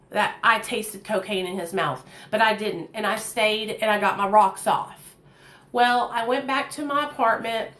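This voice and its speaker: A woman tells a personal story in a candid, chatty way, swearing freely and leaning on fillers. Her voice sits a little high. The room adds a clear echo. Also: a bit bright. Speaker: vlogger. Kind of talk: casual storytime. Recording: echoey room.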